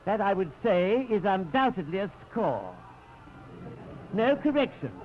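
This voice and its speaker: Man, British accent, fussy flustered announcer, self-correcting, lively up-and-down delivery, muffled 1930s radio sound. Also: sits high, a little slow. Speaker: comic actor doing a mock sports broadcast. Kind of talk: 1930s radio comedy sketch.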